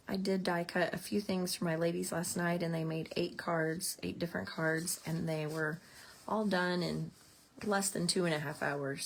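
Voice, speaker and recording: A woman with a slightly low, gravelly voice leads a casual card-making tutorial. She chats through each step as she works, with faint noise in the background. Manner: chatty, explains each step while working. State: out of breath at times. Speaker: card-making class instructor.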